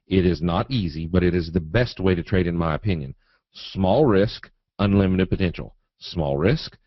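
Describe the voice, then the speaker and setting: Casting: man with a lowish voice, folksy and animated trading teacher, dry dull webinar audio. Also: dry recording. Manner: folksy, animated, acts out quotes and chart moves. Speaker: trading educator.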